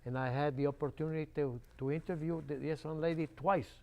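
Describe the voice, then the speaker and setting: A man's voice: on the high side, steady tone, fast, darkish tone. An older man hosting a local TV interview, talking in a folksy, chatty and jokey way. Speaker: local TV host. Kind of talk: casual interview talk. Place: local cable TV studio.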